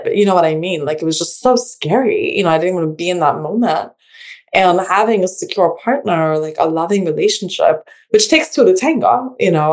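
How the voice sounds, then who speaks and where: A woman speaking in casual conversation as a guest, halting and filling her speech with "like" and restarts. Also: lowish voice, a little mellow.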